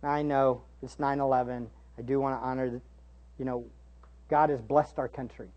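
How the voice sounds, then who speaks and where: A man preaching a sermon as pastor, shifting between hushed asides and raised, emphatic questions to the congregation. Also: medium pitch, steady tone, moderate pace, lo-fi sound. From United States. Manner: rhetorical tag questions to the congregation.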